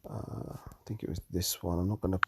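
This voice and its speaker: A tired man teaching from the Bible late at night, reading verses aloud and commenting on them slowly. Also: deep voice, fairly even intonation, gravelly, a little mellow, slightly rough, no echo. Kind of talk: scripture study talk.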